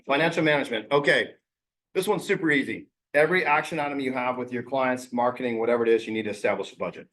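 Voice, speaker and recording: A man's voice: medium pitch, fairly bright tone, slight background noise. Guy coaching agents, blunt and slangy, regular mid voice, casual talk. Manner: blunt and slangy, mimics clients in quick asides. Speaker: real estate coach.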